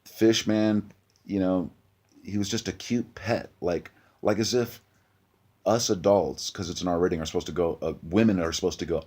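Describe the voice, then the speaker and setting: A man with a very low, husky voice rants casually about a movie, blunt and profane. He stumbles through restarts and keeps coming back to "dude.". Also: fairly even intonation, normal speed, darkish tone. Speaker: movie reviewer. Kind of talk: casual rant.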